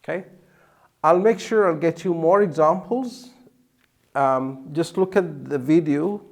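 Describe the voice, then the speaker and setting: A male teacher explains grammar slowly and deliberately, repeating key words. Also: a little high, vocal fry, a little mellow. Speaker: English teacher. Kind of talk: explaining at a whiteboard.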